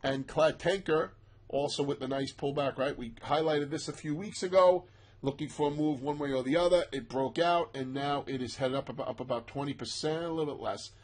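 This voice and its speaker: Husky man, brisk emphatic chart talk, slightly raised pitch. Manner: animated, emphatic, self-mocking asides. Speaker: stock market analyst. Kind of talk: casual market commentary over charts.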